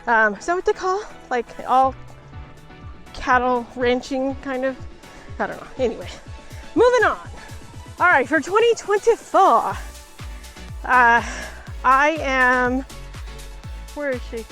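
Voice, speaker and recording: A woman with a high, light voice chats casually while hiking a hillside trail, a little out of breath. She chuckles often and keeps talking to her dog, recorded outdoors on a handheld pocket camera with faint music underneath. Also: big pitch swings, slow, long pauses, pushed and bright. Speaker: travel vlogger.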